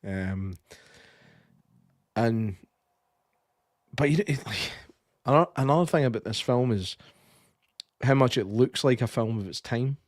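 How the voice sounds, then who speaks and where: A Scottish man with a middle-pitched voice chats casually about a film on a podcast. He rambles and hunts for words, and the sound is dry and close. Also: unhurried, long pauses, no room sound. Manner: rambling, loses his words, casual swearing. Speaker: podcast co-host. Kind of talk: casual film-review chat.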